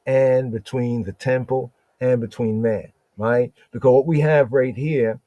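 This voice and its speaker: A man giving a slow, deliberate scripture study on a podcast, reading verses aloud and checking in often with "right?". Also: mid-range voice, fairly even intonation, dark tone, dry recording. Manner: repeats and restarts words while reading. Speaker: podcast Bible teacher.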